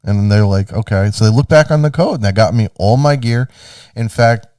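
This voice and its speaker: A man's voice: on the low side, brisk, clear, resonant tone, no echo, recorded from a distance. Man telling a story, set back from the mic. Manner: animated, acts out his own past lines. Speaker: podcast co-host. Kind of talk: casual storytelling.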